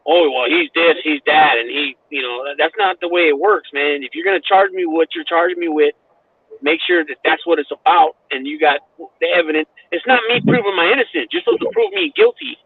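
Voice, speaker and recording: A man hosting a casual chat, quick to cut in with emphatic remarks. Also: high voice, big pitch swings, vocal fry, breathy edge. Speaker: host. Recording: tinny phone line.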